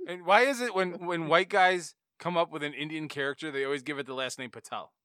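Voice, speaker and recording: A man's voice: fairly high pitch, fairly quick, fairly bright tone, clear, resonant tone, dry recording, studio quality. A man hosting a podcast in casual banter, swearing and exasperated at his cohosts. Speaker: podcast host.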